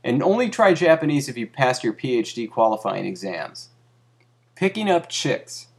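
A man giving a deadpan comic reading of a satirical article in a dry, mock-academic way. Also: medium pitch, moderate pace. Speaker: narrator.

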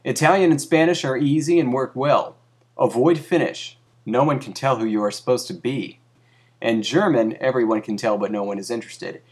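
Brief: man, deadpan comic narration, dry lecturing tone, mid pitch. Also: moderate pace. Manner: dry, mock-academic delivery. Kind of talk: deadpan comic reading of a satirical article.

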